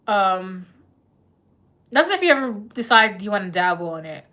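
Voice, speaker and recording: A woman's voice: mid-range voice, big pitch swings, moderate pace, sharp tone. A woman doing a live tarot reading in a chatty, laughing, slangy way. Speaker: tarot reader.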